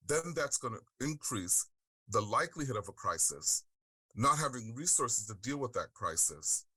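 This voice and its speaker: A middle-aged man from the Deep South, speaking on a webinar panel and sharing his personal story in an earnest, heartfelt way. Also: bright, forceful tone, dry recording. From Deep South of the United States. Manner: earnest, heartfelt, with frequent "um" and "right?". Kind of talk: personal testimony and presentation. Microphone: video call.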